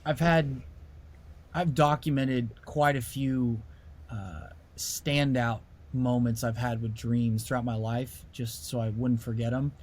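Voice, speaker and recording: A man, a musician being interviewed, telling a story in a lively way and raising his voice sharply when he acts out what people said. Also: mid-range voice, slow pace. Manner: animated storyteller, voice rises sharply when acting out quoted lines. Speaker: musician guest.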